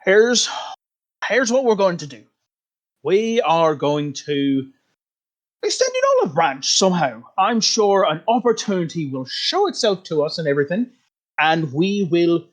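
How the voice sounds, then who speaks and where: A game master puts on a blustering male war leader who bellows commands in a strained, high voice. He sounds loud and bossy. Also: big pitch swings, measured pace.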